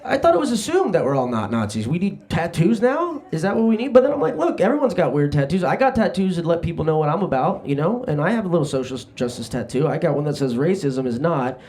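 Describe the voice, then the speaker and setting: A young man doing a stand-up comedy set on a club stage, brash and self-deprecating, throwing quick asides at the crowd. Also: on the high side, big pitch swings, darkish tone. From New Jersey. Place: comedy club stage before a live audience.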